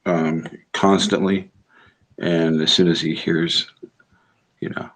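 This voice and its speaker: A man's voice: low voice, flat delivery, slow pace, background noise. A man in a live audio chat room, blunt and wisecracking, with some swearing. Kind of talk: casual chat.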